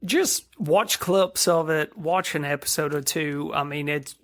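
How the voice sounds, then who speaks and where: A man's voice: fairly high pitch, measured pace, fairly bright tone, no room sound. A man co-hosting a casual podcast, joking and dropping short quips. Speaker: podcast co-host. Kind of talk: casual chat.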